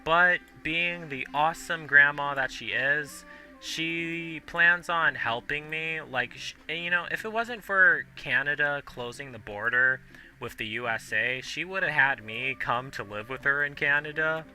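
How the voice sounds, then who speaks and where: A man's voice: on the high side, measured pace, sharp tone. A young man in his twenties rambling casually with many fillers and restarts while playing a city-building game, hiccuping now and then. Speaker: gaming video host. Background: game music.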